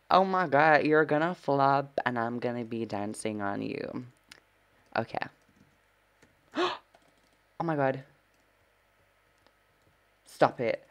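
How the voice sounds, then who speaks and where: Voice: mid-range voice, slow pace, long pauses, pushed and bright. A gameplay streamer giving live commentary, full of sassy trash talk, swearing and dramatic gasps.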